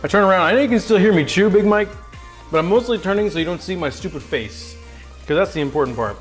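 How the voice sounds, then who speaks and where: A man with a somewhat high voice hosts a casual cooking livestream from his home kitchen. He chats loosely with viewers, pokes fun at himself and coos at his dog. Faint music plays in the background. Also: animated, fast. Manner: chatty, self-mocking, coos at his dog.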